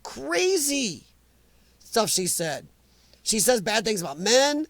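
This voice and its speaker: An American man with a fairly high voice hosts a casual live chat. He rambles and gets emphatic as he answers viewers by name, and his voice sounds close and dry, with no room echo. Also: very animated, slow pace, a bit bright. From United States. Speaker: livestream chat host.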